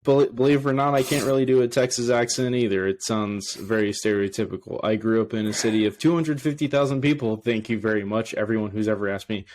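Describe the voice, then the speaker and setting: A man co-hosting a sports podcast, chatting casually and excitedly with frequent restarts. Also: fairly low pitch, fast, hardly any pauses. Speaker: podcast co-host.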